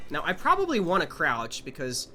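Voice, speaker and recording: A man's voice: on the high side, pushed and bright. A man streaming a horror game live, flustered and jumpy, out of breath and swearing when startled.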